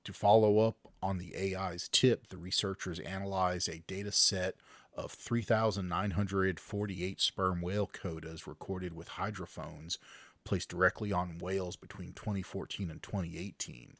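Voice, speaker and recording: A man's voice: sits low, fairly even intonation, normal speed, no echo. A man co-hosting a podcast, reading a science article aloud and stumbling over words, then joking with friends. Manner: reads articles then jokes, slips on words. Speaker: podcast co-host. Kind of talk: casual chat, reading news aloud.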